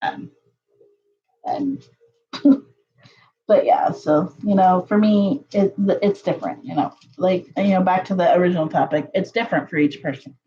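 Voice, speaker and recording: A woman's voice: moderate pace, long pauses. Chatty woman vlogger, slightly muffled sound. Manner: chatty, full of "like" and "you know", lively pitch jumps. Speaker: channel host. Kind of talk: casual storytelling to camera.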